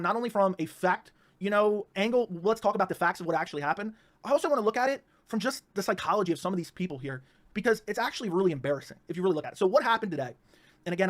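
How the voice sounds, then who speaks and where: A man talking at a breakneck pace in a fairly high voice, hosting a livestream from a home setup. He rants heatedly, doubles back on his words and restarts sentences often. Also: fairly bright tone. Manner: rapid, repetitive, stumbling restarts. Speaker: livestream host.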